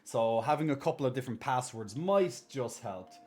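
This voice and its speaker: A man's voice: medium pitch, animated, normal speed. Chatty male streamer reading chat. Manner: chatty and reassuring, thanks subscribers warmly. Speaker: live streamer. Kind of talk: casual chat reading viewer messages.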